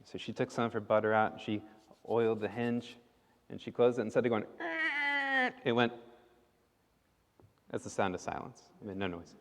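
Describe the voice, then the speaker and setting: A man's voice: lowish voice, steady tone, brisk, long pauses. Playful man telling kids a story. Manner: playful, asks the children questions. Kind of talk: children's story time in a service. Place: church sanctuary. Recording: echoey hall.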